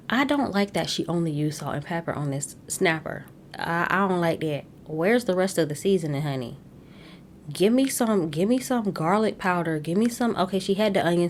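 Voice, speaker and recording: A woman hosting a podcast, chatting casually and sassily with blunt opinions, slangy asides and quick laughs. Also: deep voice, slight background noise. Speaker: podcast host recapping a reality show. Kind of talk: casual chat.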